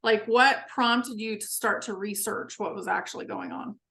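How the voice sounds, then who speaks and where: A woman hosting an interview, asking slow, encouraging questions. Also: mid-range voice, pushed and bright. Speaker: interviewer host. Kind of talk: casual interview chat.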